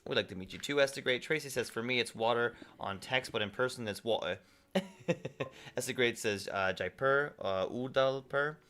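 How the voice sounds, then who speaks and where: A man's voice: mid-range voice, normal speed, pushed and bright. A young man streaming a game, reading viewer messages aloud and chatting back casually. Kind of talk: casual live-stream chat.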